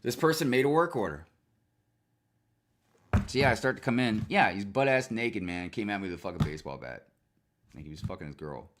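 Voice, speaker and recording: A man ranting in a casual stream monologue, swearing a lot and telling work stories with animated, heated delivery. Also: fairly low pitch, brisk, pauses often, heavy background noise. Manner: profane, animated storytelling with frequent swearing and fillers.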